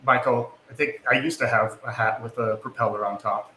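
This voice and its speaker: A man chats in a relaxed, offhand way as a guest on a stream. He sits away from the mic, so the room echoes around his bright voice. Faint noise runs underneath. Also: mid-range voice, normal speed, far from the mic. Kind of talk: casual chat.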